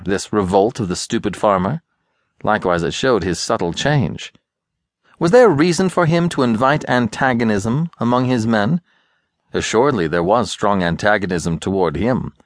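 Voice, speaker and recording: A man narrating an audiobook with an expressive, dramatic reading, close to a studio mic. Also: lowish voice, no room sound. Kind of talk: scripted narration.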